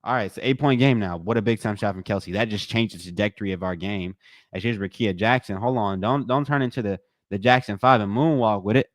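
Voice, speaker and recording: A young man commentating a live watch party, joking with his chat in a slangy, excitable way. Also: a little fast, no echo, studio quality. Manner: excitable, joking, slangy, bursts into high-pitched reactions.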